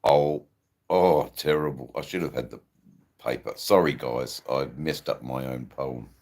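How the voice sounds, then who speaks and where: Very deep gravelly Australian man. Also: a little mellow. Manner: slow, rambling, with frequent ums and laughs. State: persistent cough. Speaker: livestream host. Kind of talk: casual livestream chat reading comments.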